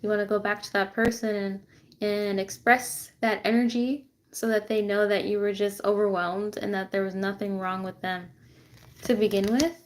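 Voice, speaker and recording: A woman giving a casual tarot reading to viewers, chatty and excitable, with lots of fillers and asides, recorded on a phone on a tripod. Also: mid-range voice, normal speed. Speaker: tarot reader.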